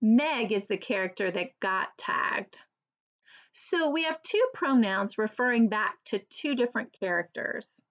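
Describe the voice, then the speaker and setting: A woman teacher giving an early reading lesson for children, slowly and clearly sounding out each word. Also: on the high side, expressive, fairly bright tone.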